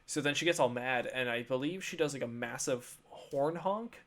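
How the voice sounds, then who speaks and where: A man's voice: medium pitch, normal speed. Rambling young man co-host. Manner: rambling, lots of fillers and retold quotes. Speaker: podcast co-host. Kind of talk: casual chat.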